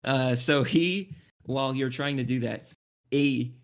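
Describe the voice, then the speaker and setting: A man's voice: medium pitch, measured pace, clean tone. A man running a tabletop game as game master, narrating loosely with many restarts and frequent laughter.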